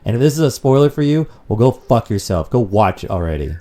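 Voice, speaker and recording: A man's voice: mid-range voice, sing-song, quick pace, mellow. A man co-hosting a casual podcast, rambling and swearing freely as he chats. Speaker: podcast co-host.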